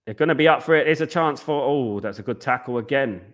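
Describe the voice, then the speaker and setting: Hosting a live football watchalong, this man chats casually, rambles, repeats himself and keeps saying "guys." He speaks quickly in a medium-pitched, fairly bright voice.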